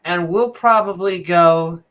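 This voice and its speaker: A woman's voice: lowish voice, slow, fairly bright tone. A woman co-hosting a casual livestream chat, joking and rambling with chuckling asides. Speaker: co-host.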